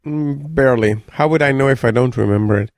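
A man answering in a dry, deadpan way. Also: mid-range voice, fast talker, a little hiss or hum.

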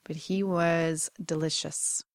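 A woman's voice: low voice, level tone, slow pace. A woman co-hosting a podcast in casual, bubbly chat, teasing and laughing often. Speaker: podcast co-host.

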